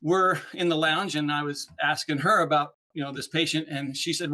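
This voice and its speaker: A man, a guest on an interview podcast, explaining ideas in an animated, chatty way and often checking in with "right?". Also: fairly high pitch, normal speed, few pauses. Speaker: podcast guest, speaker on neuroplasticity. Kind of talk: casual interview chat.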